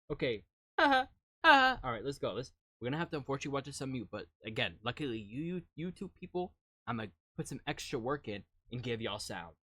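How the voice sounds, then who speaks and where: Animated, joking male streamer. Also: mid-range voice, dry recording. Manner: teasing and joking, with sudden loud jumps and laughter. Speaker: streamer reacting to music videos. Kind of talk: casual live-stream reaction.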